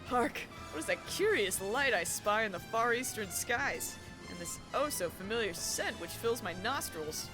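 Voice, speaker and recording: A flamboyant gentleman inspector, as a woman puts him on, declaims every line as if on stage. His delivery is pompous and theatrical, his pitch swinging freely. Game music plays clearly behind. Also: expressive, normal speed, few pauses, close to an everyday voice. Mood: grandiose.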